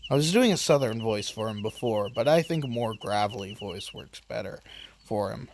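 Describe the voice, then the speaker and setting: A man's voice: fairly low pitch, lively intonation, moderate pace, a little hiss or hum. A man giving casual, rambling commentary as he plays a video game and thinks aloud. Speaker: let's play host.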